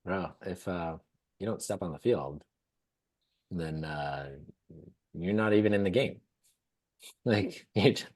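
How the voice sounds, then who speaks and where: A man's voice: sits low, slow pace, long pauses, darkish tone. A man co-hosting a podcast, teasing and laughing often as he banters. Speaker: podcast co-host. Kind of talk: casual podcast chat.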